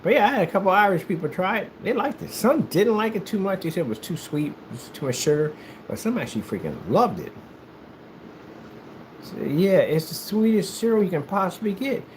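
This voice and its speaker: A man from the United States chatting casually while he plays, telling rambling, animated stories in a hyperactive way. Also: high-pitched, fairly quick, slight background noise. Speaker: gaming streamer. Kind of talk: casual chat while playing.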